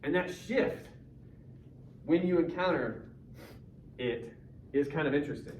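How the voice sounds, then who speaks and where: A man's voice: fairly high pitch, unhurried, darkish tone. Casual male teacher in an echoey classroom. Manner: casual, joking, asks the class questions. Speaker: high school English teacher. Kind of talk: classroom discussion. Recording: roomy classroom from far off, dull, faint noise.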